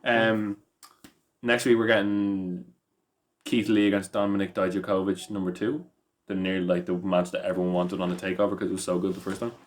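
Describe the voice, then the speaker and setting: A man's voice: low voice, little pitch movement, brisk. A tired Irish man co-hosting a podcast, rambling and stumbling through recaps in casual chat. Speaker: podcast co-host.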